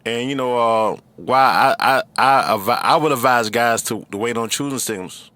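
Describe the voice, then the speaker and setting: A man's voice: mid-range voice, normal speed, sharp tone, no echo. A man hosting his own online show, talking loosely and rambling, full of slang and fillers. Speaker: YouTube show host. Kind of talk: casual talk-show monologue.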